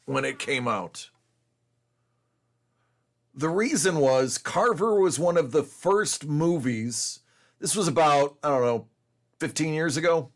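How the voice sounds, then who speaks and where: A man in his forties, host of a collecting show, telling a rambling story in casual chat with lots of fillers. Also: fairly high pitch.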